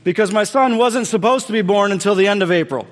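A man preaching a sermon as pastor, telling a personal story and acting out the dialogue, swinging from loud to quiet. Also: high-pitched, quick pace. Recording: long reverb of a large hall.

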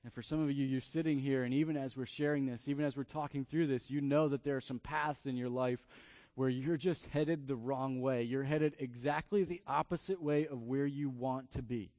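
A man in his thirties, a pastor preaching a sermon through a family story, often repeating words in quick bursts. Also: medium pitch, steady tone, a little mellow, dry recording.

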